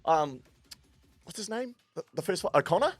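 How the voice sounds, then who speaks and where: A man's voice: sits high, animated, normal speed, no room sound, faint music behind. A man with a New Zealand accent bantering loosely about sport on a podcast, full of slang. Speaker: podcast co-host. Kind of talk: casual sports chat.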